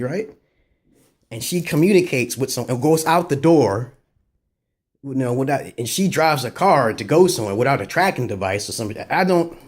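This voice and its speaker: Husky, swearing man ranting on a vlog. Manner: heavy swearing, repeated "right?" and "okay?" asides; agitated, pitch jumping up when worked up. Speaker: vlogger giving dating advice. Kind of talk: rambling profane monologue to camera.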